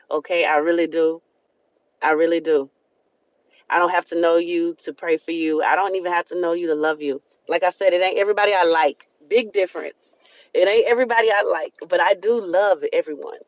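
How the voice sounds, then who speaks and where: A woman's voice: low-pitched, dry recording. Earnest Southern woman preaching on a live stream. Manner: earnest, preachy, repeats phrases for emphasis. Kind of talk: motivational live-stream talk. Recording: dull lo-fi sound.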